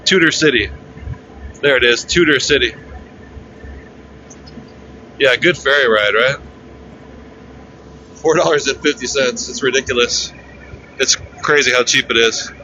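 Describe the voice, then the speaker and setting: A man's voice: mid-range voice, measured pace, pauses often, pushed and bright, dull audio, slight background noise. A man casually narrating a livestream tour from a ferry deck, chatty and jokey, on a handheld phone. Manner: laid-back, chatty, jokey. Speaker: vlogger. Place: outdoor deck of a river ferry.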